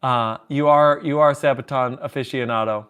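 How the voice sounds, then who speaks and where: A man's voice: medium pitch, fairly even intonation, normal speed, fairly bright tone, clean tone. A man live-streaming at the piano, chatting casually, reading chat aloud and joking while taking song requests. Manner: chatty, reads chat aloud, jokey asides. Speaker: livestreaming pianist taking requests. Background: piano music.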